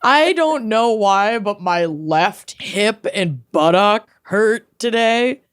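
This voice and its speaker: A woman's voice: medium pitch, expressive, slow, clean tone. A woman co-hosting a podcast in casual, blunt chat, swearing and laughing often. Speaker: podcast co-host.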